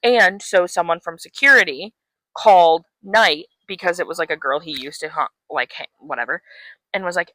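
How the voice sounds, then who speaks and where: Woman co-host, casual storyteller, crisp bright voice, dry close recording. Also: lowish voice, moderate pace, no echo. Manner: breathless retelling full of "like", swears freely. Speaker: podcast co-host. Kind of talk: casual chat.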